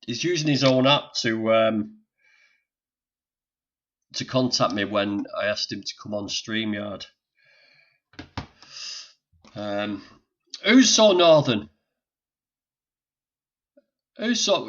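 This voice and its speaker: Speaking in a mid-range voice with a fairly bright tone, this older Northern English livestream host chats and jokes with viewers while fixing technical problems. The stream audio is dull and lo-fi.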